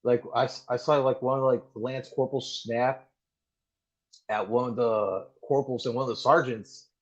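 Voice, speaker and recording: Marine guy on a podcast, cussing a lot, lively storyteller, kinda muffled sound, mid voice. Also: mid-range voice, normal speed. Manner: animated storytelling, heavy swearing, lots of "like" and "dude". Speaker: active-duty Marine guest. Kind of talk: casual podcast interview. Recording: muffled, dull audio.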